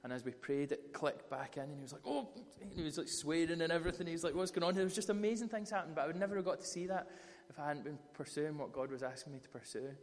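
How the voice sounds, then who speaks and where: A man preaching a sermon, telling stories in an animated, conversational way. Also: fairly high pitch, racing, few pauses, in a large hall. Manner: storytelling, animated retellings of scripture.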